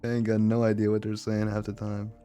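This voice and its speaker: A man's voice: on the low side, monotone, fast, dark tone, clear, resonant tone. A man live-streaming a building game, chatting casually with his viewers and laughing often. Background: faint background music.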